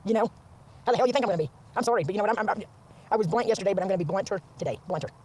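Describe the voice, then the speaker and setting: A woman ranting on a livestream, profane and repetitive, swinging from wry laughter to shouting. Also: mid-range voice, racing, a little hiss or hum. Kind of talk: angry livestream rant.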